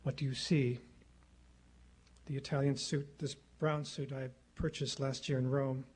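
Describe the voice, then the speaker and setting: A middle-aged man giving a formal public lecture at a podium microphone in a lecture hall, speaking in a measured, rhetorical way and repeating phrases for effect. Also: medium pitch, little pitch movement, a little mellow, slightly rough. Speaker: guest lecturer.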